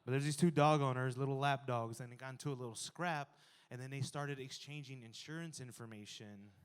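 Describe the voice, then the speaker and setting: A man in his thirties performing a stand-up comedy set, animated and jumping to loud exclaiming in the acted-out bits. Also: medium pitch, fairly quick, clean tone. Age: 30s.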